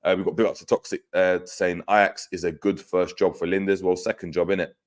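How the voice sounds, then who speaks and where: Brief: man, low voice, casual stream host reading viewer comments, loose and chatty with restarts. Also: level tone, a little fast. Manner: conversational, many fillers and restarts, reads out comments. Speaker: football podcast host.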